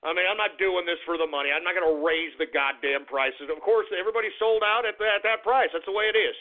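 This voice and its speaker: A man's voice: high-pitched, quick pace. A man hosting a radio talk show, ranting in a casual, profane, blustery way and repeating himself. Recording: tinny phone-like line.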